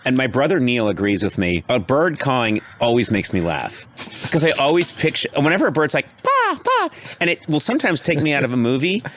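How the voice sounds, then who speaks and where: A man's voice: mid-range voice, expressive, fairly quick, fairly bright tone. A man joking through a film anecdote on a podcast, playful and silly, imitating sounds as he talks. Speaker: podcast host. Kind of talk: casual comedic podcast banter.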